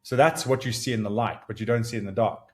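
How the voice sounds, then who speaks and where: In his solo podcast, a man in his thirties muses earnestly and searchingly, talking fast with a mid-range voice. Excitement lifts his voice, and reflection brings it back down. He restarts sentences often while working through his ideas.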